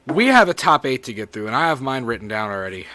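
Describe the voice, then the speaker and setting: A man's voice: medium pitch, big pitch swings, fast, background noise. A young man co-hosting a live movie podcast, laughing often, reading chat aloud, and getting sentimental. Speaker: podcast co-host. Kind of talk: casual live-stream chat.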